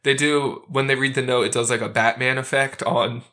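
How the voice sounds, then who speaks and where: A man's voice: mid-range voice, steady tone, fairly quick, pushed and bright. A man co-hosting a casual podcast chat, narrating a movie's plot scene by scene and chuckling. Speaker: podcast co-host.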